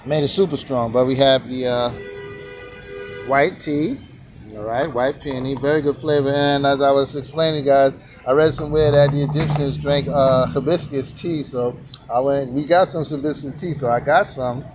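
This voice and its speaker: A man's voice: mid-range voice, steady tone, normal speed, noisy background. A man running a sidewalk tea stand, casually teaching characters in a rambling vlog and counting strokes aloud. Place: outdoor sidewalk stand by a street.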